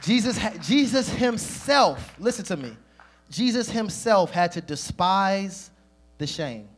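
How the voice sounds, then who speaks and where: Male preacher, sermon delivery, very animated pitch, slightly husky, speaks straight to the congregation. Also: slow, a faint crowd. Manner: lively, addresses the congregation directly.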